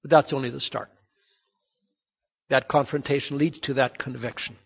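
A middle-aged man preaching a sermon as pastor, animated and acting out the voices he quotes. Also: medium pitch, normal speed, vocal fry, slightly rough, big-room sound. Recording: dull lo-fi sound.

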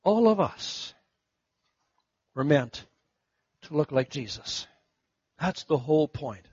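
A middle-aged man preaching a sermon, telling stories and acting out the voices of the people in them, swinging from loud to hushed. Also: on the high side, animated, slow pace, slightly rough, dry recording, muffled recording. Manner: storytelling, acts out quoted voices, big swings from loud to hushed. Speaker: pastor.

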